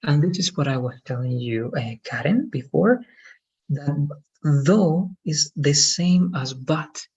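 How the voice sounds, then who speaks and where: Guy teaching english over a video call, patient, step by step, kinda husky, muffled sound. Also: mid-range voice. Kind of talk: online class instruction.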